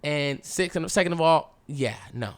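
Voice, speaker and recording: A man's voice: fairly high pitch, measured pace. A young man hosting a podcast, telling a personal story in casual, slangy speech with lots of swearing and acted-out dialogue. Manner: animated, swearing, slangy, acts out past dialogue. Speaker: podcast host.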